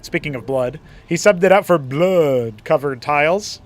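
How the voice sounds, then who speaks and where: A young man casting a strategy game match alone, chatty and playful, with laughing asides. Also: a little high. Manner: chatty, laughs at own jokes, quick asides. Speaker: esports caster. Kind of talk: solo play-by-play commentary.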